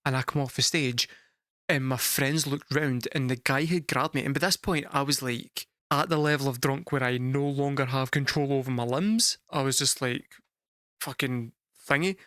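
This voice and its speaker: A young Scottish man telling a story casually to a live chat, animated and swearing freely, laughing through the punchlines. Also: mid-range voice, normal speed, no room sound, clean studio sound. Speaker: music reaction streamer.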